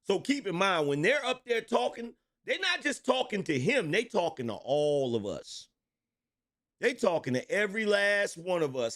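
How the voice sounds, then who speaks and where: A man's voice: sits high, very animated, normal speed, sharp tone. Emphatic, blunt middle-aged man host. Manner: blunt, emphatic, repeats lines, swears freely. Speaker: livestream commentary host. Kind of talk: livestream commentary, reading out chat.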